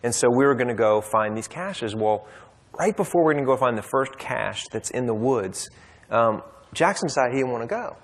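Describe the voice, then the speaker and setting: A man's voice: mid-range voice, animated, normal speed. Man telling a story in a reverberant hall. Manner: conversational, with frequent fillers and restarts. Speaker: speaker at a men's Bible study. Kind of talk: personal storytelling talk.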